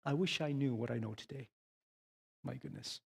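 A middle-aged male pastor preaching a sermon, moving from hushed storytelling to rising, emphatic questions. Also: mid-range voice, normal speed, gravelly, husky.

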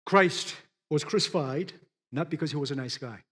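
A man's voice: a little high, moderate pace, sharp tone, slightly rough. A man preaching a sermon, addressing his listeners as friends and driving points home with emphatic rises and drops.

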